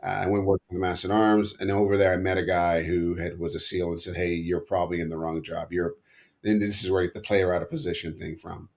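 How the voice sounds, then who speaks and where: Middle-aged male guest: deep fry-edged voice, quick rambling stories that keep correcting themselves. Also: flat delivery, darkish tone. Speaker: podcast guest. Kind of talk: storytelling in an interview.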